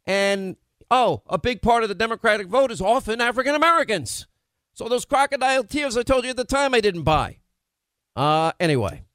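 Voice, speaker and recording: A man's voice: extremely high pitch, very animated, a little fast, a bit bright, no echo. Combative man hosting political talk radio. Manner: combative, emphatic, sarcastic asides. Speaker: radio talk show host.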